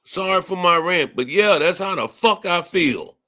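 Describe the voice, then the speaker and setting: This is a male livestream host venting furiously, cursing constantly and circling back to the same phrases. He speaks at normal speed in a high, animated, pushed and bright voice.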